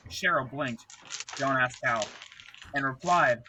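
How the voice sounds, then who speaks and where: A young man with a sharp, bright voice pitched a little high reads a goofy story aloud. He reads playfully, tripping over words and restarting them as he goes. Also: lively intonation, a little slow, slight background noise, low-quality recording. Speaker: podcast co-host. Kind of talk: reading a silly story aloud.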